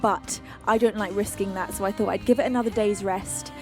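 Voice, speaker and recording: A woman's voice: mid-range voice, fairly even intonation, fairly quick. A woman from the UK hosting a live music stream, greeting her chat with gushing, affectionate names while recovering from a lost voice. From United Kingdom. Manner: gushing, affectionate, calls viewers beans.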